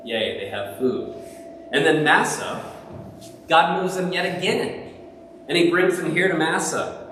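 Guy preaching a sermon, slightly high voice, big echoey church, mic kinda far off. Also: a little slow, pauses often, a bit bright, a little hiss or hum. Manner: conversational preaching with questions to the congregation. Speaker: pastor.

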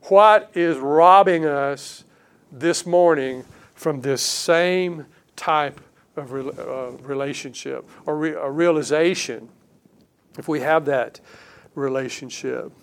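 Delivering his sermon, a male pastor sounds earnest and emphatic, his resonant, smooth voice sitting slightly high for a man. To lean on important words, he drops into slower, stressed phrases.

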